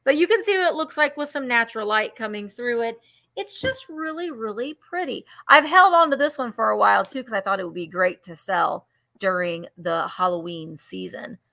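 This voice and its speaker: A woman's voice: on the high side, moderate pace, gravelly, sharp tone. A woman hosting a live vintage sale, chatting casually and counting down bids aloud. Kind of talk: casual live-stream selling chat.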